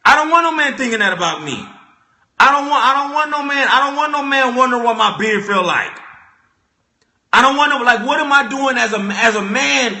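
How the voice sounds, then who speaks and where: A young man telling a comic story as a vlogger, animated and repetitive, stumbling over restarts. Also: very high-pitched, brisk. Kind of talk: comedic storytelling rant. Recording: echoey room.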